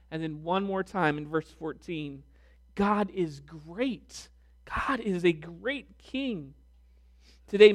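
A man preaching a sermon as pastor, reading scripture with deliberate emphasis. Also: high-pitched, fairly bright tone. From United States.

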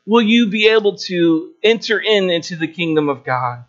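High-voiced male preacher, lo-fi. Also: expressive, fairly bright tone. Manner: storytelling with shifting pitch and pauses. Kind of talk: sermon. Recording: dull lo-fi recording.

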